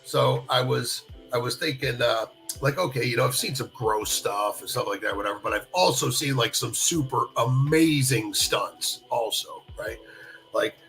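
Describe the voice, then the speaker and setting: Male podcast co-host, gravelly and bright, rambling crude storyteller, built-in mic. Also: mid-range voice, normal speed, soft background music, poor audio. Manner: rambling, many fillers and acted-out quotes. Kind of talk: casual crude storytelling chat. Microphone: built-in device microphone.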